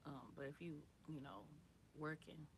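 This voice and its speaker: A woman with a fairly low voice talks loosely to her livestream viewers, rambling and slangy. She drifts between topics and calls out to people in the chat. A faint hum of noise sits behind her. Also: unhurried. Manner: rambling, chatty, greets viewers by name, slangy. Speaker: livestream host.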